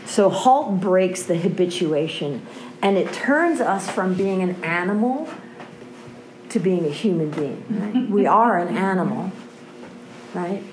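Speaking slowly with lively intonation, a woman with a fairly low voice tells the impassioned story of her recovery over background noise. She stays earnest throughout, often checking in by asking "right?"

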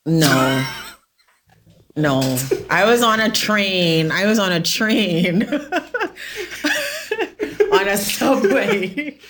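A woman's voice: mid-range voice, expressive, very slow, pauses often, noisy background. A woman in her thirties, a podcast guest telling stories in a chatty way and often laughing. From The Bahamas. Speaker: podcast guest, sports volunteer. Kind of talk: casual chat.

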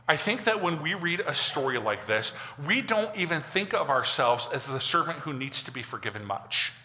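A pastor giving a conversational, animated sermon, acting out quotes as he goes. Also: on the high side. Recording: long hall reverb.

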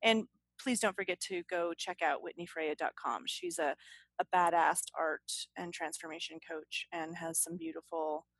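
A woman's voice: on the low side, steady tone, moderate pace, fairly bright tone, no room sound. A woman co-hosting a podcast, talking casually and upbeat, with plenty of fillers and restarts. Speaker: podcast co-host.

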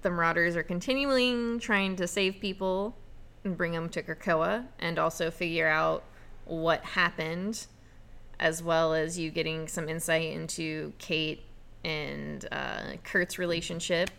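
A woman's voice: fairly low pitch, unhurried, creaky, clean tone. A woman co-hosting a podcast, casually recapping comics and laughing easily. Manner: relaxed, laughs often, recaps plot. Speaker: podcast co-host. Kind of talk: casual chat about comics.

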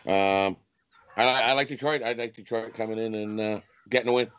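A man's voice: lowish voice, moderate pace, fairly bright tone, clean tone, muffled recording. A man giving his betting picks in a casual chat, hesitant and full of fillers. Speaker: panelist.

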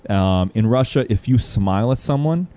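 A man's voice: mid-range voice, expressive, normal speed, mellow. A man hosting a casual comedy podcast chat, rambling between topics and laughing often. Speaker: podcast host.

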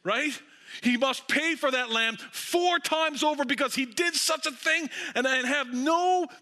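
High, bright-voiced male pastor preaching. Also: measured pace. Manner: animated storytelling with casual asides to the congregation. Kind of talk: sermon. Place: church.

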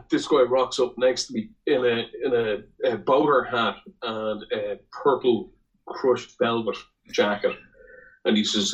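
A man's voice: mid-range voice, fairly even intonation, measured pace, dull audio. An Irish man, a guest on a podcast, telling a rambling, salty anecdote in casual chat. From Ireland. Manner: rambling, salty storyteller who swears.

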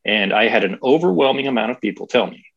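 A husky man talks in a loose, animated podcast-chat way. He swears freely and slips into mocking voices for effect. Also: medium pitch, fast talker, lo-fi sound. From California. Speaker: guest podcaster.

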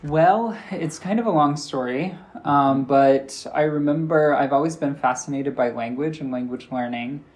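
A man's voice: fairly high pitch, moderate pace, few pauses, darkish tone. A man with an American accent, a professor answering interview questions in a loose, chatty way, full of "like" fillers and acted-out dialogue. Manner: chatty storyteller, acts out quoted dialogue, many "like" fillers. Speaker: interview guest, linguistics professor.

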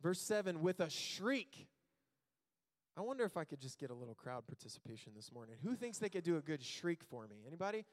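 Male pastor, slightly high voice, animated sermon storyteller who plays the quotes for laughs. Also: a little fast. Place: church sanctuary.

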